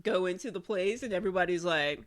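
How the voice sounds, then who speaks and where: A woman co-hosting a casual podcast chat, relaxed and soft-spoken, adding lots of listening sounds. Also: on the low side, fast. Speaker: podcast co-host.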